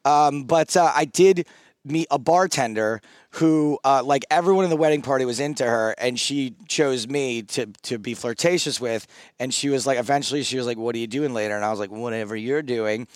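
A man's voice: mid-range voice, a little fast, dry recording, studio quality. Self-mocking man telling rambling stories. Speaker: podcast co-host. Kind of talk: casual storytelling chat.

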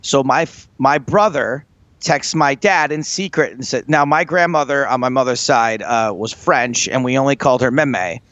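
A man co-hosting a podcast, telling a long family story in casual chat, rambling and animated. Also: medium pitch, moderate pace, no room sound, lo-fi sound. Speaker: podcast co-host.

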